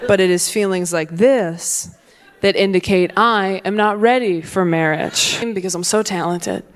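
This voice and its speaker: A young woman performing a stand-up comedy set, brash and deadpan, dropping into quick put-on voices. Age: young adult. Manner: brash, deadpan, acts out voices with swings up and down in pitch. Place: comedy stage with a live audience.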